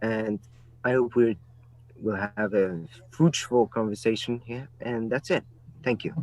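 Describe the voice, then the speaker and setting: A man introducing himself as a debater, halting and formal. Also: fairly low pitch, fairly even intonation, darkish tone, dry recording, low-quality recording.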